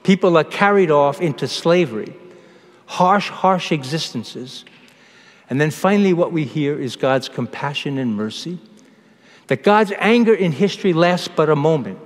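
Priest preaching in a reverberant church. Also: male voice, on the high side. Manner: measured preaching with pauses and restarts. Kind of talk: homily.

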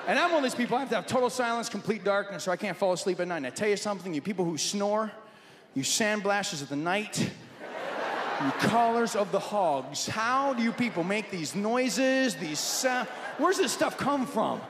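Animated stand-up comedian man, echoey hall. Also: high-pitched, normal speed, background noise. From Nebraska, USA. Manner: animated, jokey storytelling. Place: large venue with audience. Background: loud audience laughter.

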